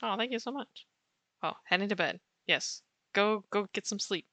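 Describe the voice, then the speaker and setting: A woman with a bright, clear voice chats casually with her viewers while she sketches. She answers chat in a warm, playful way and laughs often. Her voice is close and dry, with soft clicking in the background. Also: mid-range voice, moderate pace, no room sound. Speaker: art streamer.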